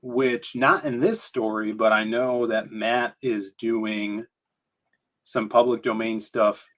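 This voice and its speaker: A man co-hosting a casual talk stream, rambling as he flips through comics, his voice slightly hoarse. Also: lowish voice, fairly even intonation, slow pace, a bit bright. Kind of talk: casual chat.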